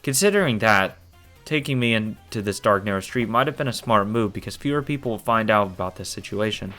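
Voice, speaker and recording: A man's voice: lowish voice, expressive, fairly quick, bright, forceful tone, soft background music. A man reading a visual novel aloud in the first person, with casual asides full of swearing. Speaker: game reader.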